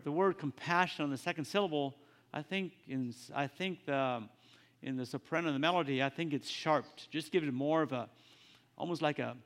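A man's voice: a little high, fairly bright tone. Earnest man preaching in a reverberant hall. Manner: earnest, halting, repeats phrases. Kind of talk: sermon. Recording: long reverb of a church hall.

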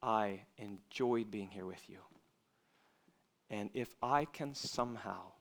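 A male preacher giving an earnest sermon to young people, swinging between loud emphasis and quiet asides. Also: fairly low pitch, takes it slowly, creaky, slight background noise.

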